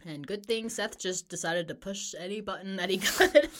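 A woman's voice: medium pitch, moderate pace, fairly bright tone. A woman co-hosting a podcast, chatting casually about a book and laughing often. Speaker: podcast co-host. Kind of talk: casual book discussion chat.

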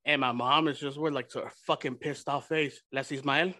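Brash bright-voiced man telling stories. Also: medium pitch, normal speed, no echo. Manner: profane, animated retelling with quoted dialogue. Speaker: podcast host. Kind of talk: casual storytelling, mixing English and Spanish.

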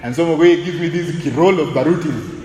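A high-voiced man preaches with an animated, humorous delivery, slipping between English and Swahili. His voice rings through a roomy church sanctuary with a long reverb tail and faint ambience behind. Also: a little fast, a little hiss or hum. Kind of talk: sermon.

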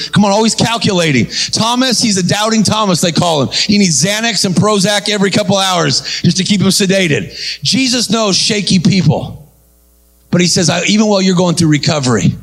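High-voiced preacher man, animated. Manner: animated, calls out to congregation. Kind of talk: energetic sermon storytelling.

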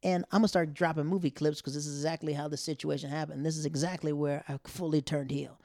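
A man telling a comic personal story in a loose, animated way, slipping into other people's voices. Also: on the high side, fast, dry recording.

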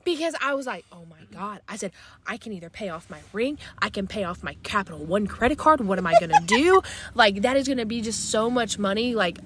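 A woman's voice: mid-range voice, animated, fairly quick, a bit bright, slight background noise. A young woman in casual chat, animatedly telling a story, acting out quotes and laughing often.

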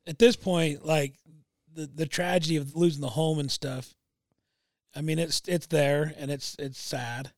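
A man talking as a guest in a casual conversation, earnest and heartfelt, often halting. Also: a little high, steady tone, no room sound, clean studio sound.

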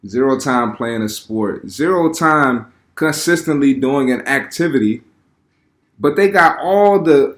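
A man's voice: mid-range voice, fairly bright tone. Blunt slangy man in an echoey room. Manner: blunt, slangy, repeats words when heated. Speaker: fitness commentator reacting to clips. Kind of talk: casual reaction commentary.

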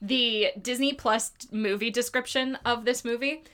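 A woman's voice: fairly high pitch, fairly even intonation, unhurried, fairly bright tone, slight background noise. A young adult woman hosting a movie podcast in casual chat, bubbly and giggly with emphatic bursts. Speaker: podcast host.

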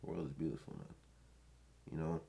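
A man's voice: rumbling low, little pitch movement, a little fast, vocal fry, warm tone, slightly rough. A man giving blunt, profane advice in a casual rant to his viewers.

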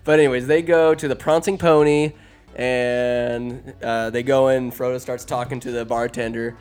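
A man recapping a fantasy film in casual, sarcastic commentary, animated and quick to put on voices for the characters. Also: mid-range voice, clear, resonant tone, faint music behind. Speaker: movie recapper. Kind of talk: casual comedic movie recap. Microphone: phone or desk mic, recording alone.

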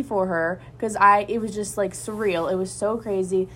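Animated young woman telling a story. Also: mid-range voice, normal speed. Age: young adult. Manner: animated, breathless storytelling with many fillers. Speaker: student club member. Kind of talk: casual podcast storytelling.

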